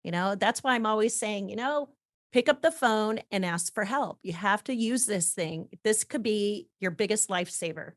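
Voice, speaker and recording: A woman's voice: medium pitch, animated, normal speed, dry recording, studio quality. A woman hosting a podcast, speaking in an emphatic, affirming conversational manner. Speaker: podcast host. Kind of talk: casual conversational interview.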